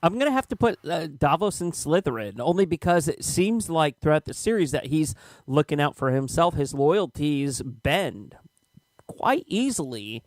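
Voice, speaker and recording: A man's voice: a little high, big pitch swings, normal speed, dry recording. A man co-hosting a casual podcast chat, hedging and restarting as he argues a point. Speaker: podcast co-host.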